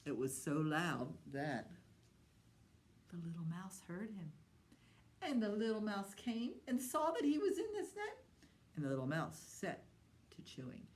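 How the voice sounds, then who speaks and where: A woman hosting a library storytime, talking slowly and gently to young children as she tells fables. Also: mid-range voice. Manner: slow, gentle and animated, talking to young kids. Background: autoharp she plays before the story.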